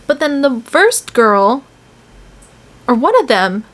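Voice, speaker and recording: A woman's voice: high voice, takes it slowly. A young woman from the United States talking casually about her year teaching English in Korea, telling stories in a chatty way with lots of "like" fillers. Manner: chatty, many "like" fillers, animated storytelling. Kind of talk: casual vlog chat.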